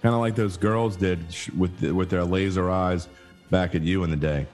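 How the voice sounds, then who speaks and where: A man's voice: low-pitched, fairly even intonation, moderate pace, a little mellow, soft background music. A man hosting a sports radio show, chatting casually and talking through his game picks. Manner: conversational, hedging, talks through game picks.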